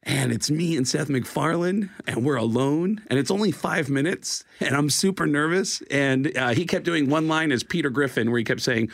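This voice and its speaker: Animated comic storyteller, a man with a slightly high voice. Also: moderate pace, gravelly, hardly any pauses, no room sound, studio quality. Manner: lively, jumps into high-pitched quoted voices. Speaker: comedian and voice actor guest.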